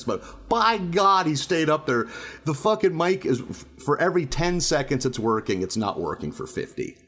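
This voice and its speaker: A man co-hosting a podcast, a stand-up comic telling a profane, animated story in casual chat, often laughing. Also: a little high, moderate pace, breathy edge.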